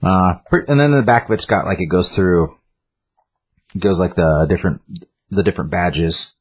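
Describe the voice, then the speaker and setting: A man with a deep, slightly husky voice talks through a comic book story in a loose, rambling way. He stumbles, restarts and fills gaps with "like" and "um" as he reviews it. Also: normal speed. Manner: rambling, lots of fillers and restarts. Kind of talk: casual chat retelling a story.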